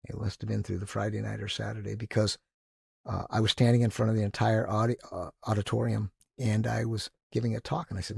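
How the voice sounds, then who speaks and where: A man in his sixties tells stories as a podcast guest, animated and enthusiastic. His gravelly, husky voice jumps up when he acts out the quotes. It sounds dry and close. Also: fairly low pitch, fast talker, dry recording. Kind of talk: casual storytelling interview.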